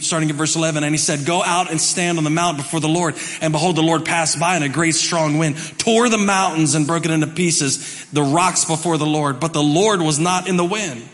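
A male pastor giving a conversational sermon, shifting between loud emphasis and soft, quiet passages. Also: fairly high pitch, big-room sound. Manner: conversational preaching with dramatic swings from loud to soft. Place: church sanctuary.

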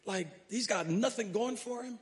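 A man with a high voice preaching a sermon in a church sanctuary. He drifts between low, chatty asides and loud, stirring preaching, and reads scripture aloud with weight. Long reverb from the hall trails behind every phrase. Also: moderate pace. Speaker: pastor.

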